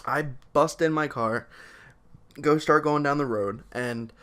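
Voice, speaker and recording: A young man telling a story on a casual vlog, excitable and laughing, with many fillers. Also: fairly high pitch, a little slow, smooth. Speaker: co-host telling a birth story.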